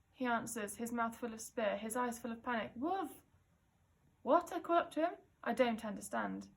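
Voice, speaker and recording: Woman, teacher, reading a children's book aloud, breathy husky tone, expressive storytelling. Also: fairly high pitch. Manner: expressive storytelling, rising to loud calls in action. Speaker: primary school teacher.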